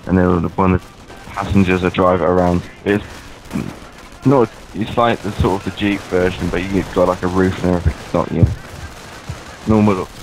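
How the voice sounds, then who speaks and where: A man with a low-pitched voice rambles in character for laughs, stumbling over ums and false starts. Loud video game gunfire and explosions fill the background behind his voice. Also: steady tone, moderate pace, a little hiss or hum, low-quality recording. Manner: rambling and hesitant, full of ums and restarts. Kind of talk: comedic in-character rambling monologue. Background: game battle sounds with gunfire.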